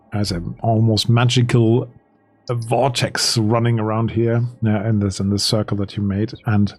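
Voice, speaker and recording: A man running a tabletop game as game master, narrating the scene slowly with pauses and restarts. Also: medium pitch, darkish tone, husky. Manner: slow, hesitant storytelling with restarts.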